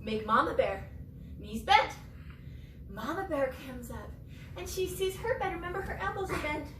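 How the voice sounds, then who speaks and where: A young woman teaching preschool yoga through a story, expressive and sing-song, with gasps and whispers, recorded roomy and from far off. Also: sits high, normal speed, slight background noise. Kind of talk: storytelling yoga lesson for children.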